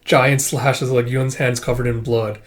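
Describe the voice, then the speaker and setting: A man's voice: medium pitch, little pitch movement, measured pace. A man casually reading and recapping a comic aloud, rambling with fillers and forgetting names. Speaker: manga reader and recapper.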